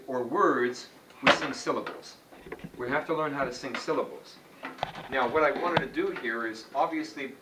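A man with a medium-pitched, slightly bright voice teaches a chant class, explaining things informally to his students with restarts and asides. The sound is roomy and distant, with faint background noise.

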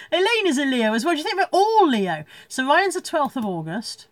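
A chatty woman rambles through a casual live stream from home, laughing often and reading out comments. Her voice sits a touch high. The sound is close and dry, with no room echo. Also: sing-song, normal speed, a bit bright. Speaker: reseller hosting a live stream.

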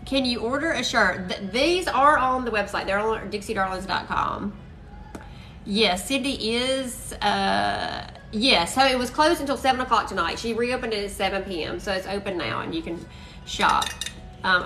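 Woman host, chatty and excitable, mid pitch, a bit off-mic with faint music under her. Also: normal speed, distant mic, rough recording. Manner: bubbly, says "y'all" and "freaking" a lot. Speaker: craft live-stream host. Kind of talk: chatty live-stream crafting demo.

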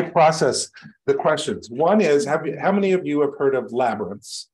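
Very animated and a little high in pitch, a male reverend speaks at normal speed from a church sanctuary. His sermon is warm, conversational storytelling for the congregation, sprinkled with light self-deprecating humor.

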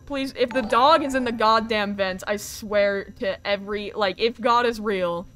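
A young woman streaming a horror game live, reacting with excitement, swearing, and thanking her viewers. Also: mid-range voice, moderate pace. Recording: music playing faintly behind. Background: faint game music.

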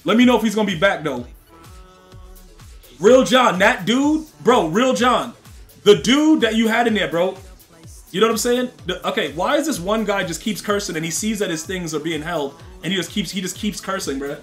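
Young guy streaming a game, high-ish voice, slangy trash talk to chat. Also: animated, normal speed, faint music behind. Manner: slangy, rambling, talks to chat and opponents.

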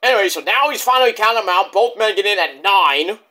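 A man rambling excitably through a casual wrestling review, swearing often. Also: high voice, fast.

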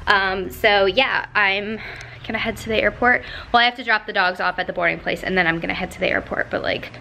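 A young woman vlogging casually at home, chatty and quick, sometimes out of breath and cooing at her dogs in a high voice. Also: fairly even intonation, creaky, bright, forceful tone, slight background noise. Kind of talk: casual vlog talk to camera. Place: at home indoors.

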